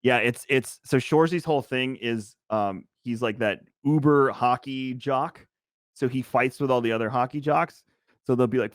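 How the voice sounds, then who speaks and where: A man's voice: mid-range voice, normal speed, dry recording, studio quality. A man co-hosting a podcast, chatting casually and enthusiastically recommending a show in a rambling way. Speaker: podcast co-host. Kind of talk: casual chat.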